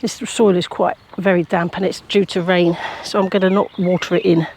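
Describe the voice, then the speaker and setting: A woman chatting casually as a gardening vlogger, talking to her dog and now and then dropping to a soft whisper. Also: fairly low pitch, flat delivery, normal speed, slight background noise. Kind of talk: casual vlog chat. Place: outdoor allotment and a quiet home.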